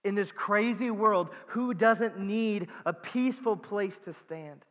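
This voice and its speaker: A man's voice: high-pitched, slow pace, a bit bright, long reverb tail. A man preaching a sermon as pastor, earnest and emphatic, repeating key words for weight and dropping in casual asides.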